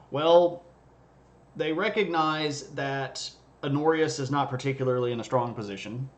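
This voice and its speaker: A man hosting a livestream, giving a casual, joking history lecture and bantering with viewers' chat. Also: mid-range voice. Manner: jokey and conversational, bantering with chat. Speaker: history streamer. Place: streaming setup.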